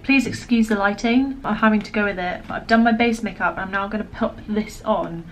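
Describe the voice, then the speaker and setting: A young British woman vlogging to the camera from her room at home, chatty and giggly, her voice slightly hoarse. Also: medium pitch, fairly quick, slight background noise, poor audio. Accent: British English. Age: young adult. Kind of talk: casual vlog chat. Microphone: camera mic, filming herself.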